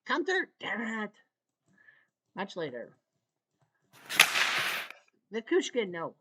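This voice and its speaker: A woman casually commentating over a hockey video game she is playing, joking and cheering loudly for her team. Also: mid-range voice, moderate pace, heavy background noise. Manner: excitable, jokey, calls the play and cheers for her team. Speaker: gaming channel host.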